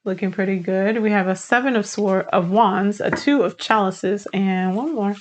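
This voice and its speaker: A woman's voice: medium pitch, moderate pace, heavy background noise. A woman tarot reader talking casually to her viewers, chatty and encouraging, with a lot of "like" as she walks through the cards. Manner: chatty, encouraging, uses "like" often. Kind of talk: casual tarot reading to camera.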